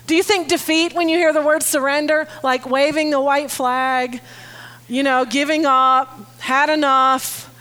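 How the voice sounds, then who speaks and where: A woman pastor giving a conversational, animated sermon, acting out the voices she quotes. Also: sits high.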